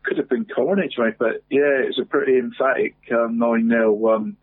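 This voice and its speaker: Chatty male football presenter, husky voice, heavy on "mate", phone-quality radio audio. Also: mid-range voice, normal speed. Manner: says "mate" constantly, chatty and rambling. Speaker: local football results presenter. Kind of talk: casual radio football chat.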